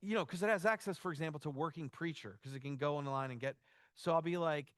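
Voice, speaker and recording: A man's voice: a little high, fast talker, fairly bright tone, dry recording, clean studio sound. Casual man presenting a church workshop. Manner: casual, loose, with frequent restarts and "like". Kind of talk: conversational church workshop talk.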